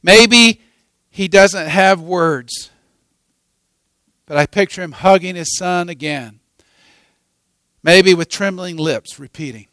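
Dramatic high-voiced male preacher. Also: unhurried, no room sound. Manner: dramatic, swinging from hushed to loud. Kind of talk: sermon storytelling.

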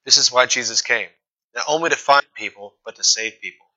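A young man delivers a sermon in a relaxed, talky way, mixing scripture reading with casual asides. His voice is strikingly bright and forward, with a pitch sitting right in the middle for a man. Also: fairly quick, poor audio. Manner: casual, conversational preaching with fillers and acted asides. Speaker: preacher.

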